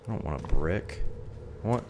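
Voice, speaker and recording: A man commentating a horror game, jumpy and excitable, swearing and yelping when scared. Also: deep voice, normal speed, background noise. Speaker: gaming channel host.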